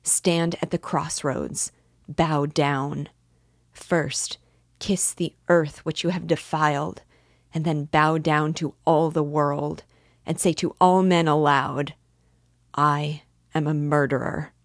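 Brief: devout young woman begging urgently, read by a woman, measured pace, dry room. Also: deep voice, steady tone, no room sound. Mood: pleading. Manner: fervent, imploring.

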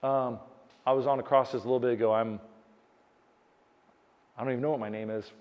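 A man playing a dazed, halting thief at heaven's gate. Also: mid-range voice, fairly even intonation, muffled recording, pitched below the performer's own voice, natural voice. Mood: bewildered. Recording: long hall reverb.

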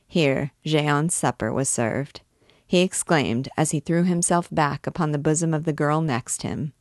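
Woman, reading a novel aloud, low voice, measured, dry close sound. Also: a little mellow, no echo. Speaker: reader and guide.

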